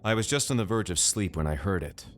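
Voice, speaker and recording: A man narrating a first-person horror story in a measured, deadpan way. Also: low-pitched, slight background noise.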